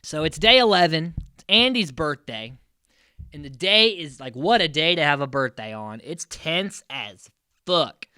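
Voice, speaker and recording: An unhurried American man with a smooth voice on the high side hosts a podcast, chatting casually through a reality show recap. Animated, he voices the cast's quotes, curses casually and uses fillers often. The audio is dry and clean, studio-grade.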